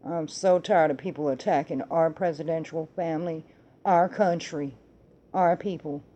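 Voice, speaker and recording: A middle-aged woman hosts a political talk show, her voice dark and mellow. She rants with heated anger and swears freely as she argues her points. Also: low voice, moderate pace, muffled recording. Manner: angry, profane ranting. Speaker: podcast host.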